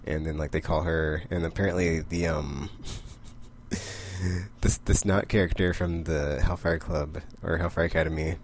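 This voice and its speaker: A man's voice: very deep voice, steady tone, a little slow, a little hiss or hum. A man casually recapping comic books, rambling and full of "like". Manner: rambling, heavy use of "like". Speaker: comic book vlogger.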